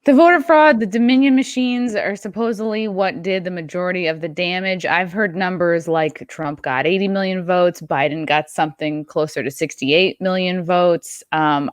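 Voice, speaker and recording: A young woman with a lowish voice tells a long story on a talk show. She rambles in a chatty way, with plenty of "like" and "um". The sound is dry and close. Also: dry recording. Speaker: podcast guest. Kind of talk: casual talk-show chat.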